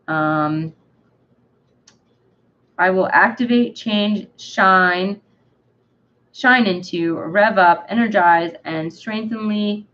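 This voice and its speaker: A woman's voice: medium pitch, fairly bright tone, highs cut off. A woman reading aloud as a dandelion plant that speaks of itself as a healer, listing remedies one by one.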